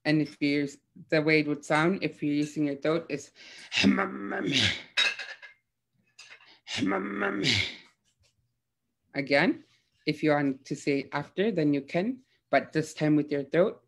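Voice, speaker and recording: A young woman teaching throat singing in a gentle, hesitant way, with many fillers. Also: sits low, normal speed. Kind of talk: casual spoken lesson with demonstrations.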